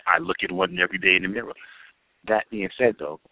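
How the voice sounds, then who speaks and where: A very deep, gravelly male voice trading boastful, crude jokes in casual chat. His pitch swings widely as he tells his stories. The sound is dry and tinny, like a phone line. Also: very animated, fast, no room sound. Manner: boastful, joking, crude banter. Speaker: co-host.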